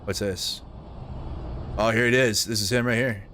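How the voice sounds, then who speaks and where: Man, low voice, blunt profane live-stream news commentary, faint background noise. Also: fairly even intonation, normal speed, bright, forceful tone. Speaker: livestream news host.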